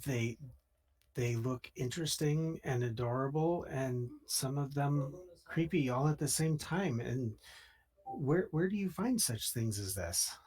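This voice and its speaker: A man narrating a tabletop game as game master in an unhurried, descriptive way. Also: mid-range voice, a little mellow, slightly rough.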